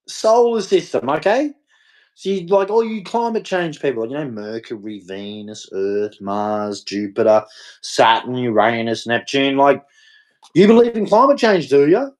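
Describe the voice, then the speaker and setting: A man ranting to camera in a scornful, mocking, rambling way. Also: mid-range voice. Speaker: vlogger. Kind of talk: casual rant to camera.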